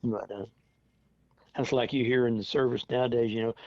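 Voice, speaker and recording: In a dull, dry, lo-fi recording, an elderly veteran in his seventies spins chatty stories for an oral history, often laughing as he mimics people's words. He speaks at medium pitch, steady and a little fast, his husky, gravelly voice somewhat dark in tone.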